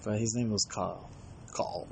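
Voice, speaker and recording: A traveling monk chats casually through travel anecdotes, acting out bits of dialogue. His male voice is medium-pitched with fairly even intonation and a normal speed, and there's background noise.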